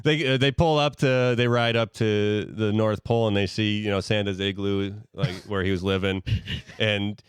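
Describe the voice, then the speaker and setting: A man co-hosting a podcast, telling a comedy story in a lively way with a lot of laughing. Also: lowish voice, moderate pace, hardly any pauses, clear, resonant tone, no room sound, clean studio sound. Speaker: podcast co-host. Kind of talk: casual comedic chat.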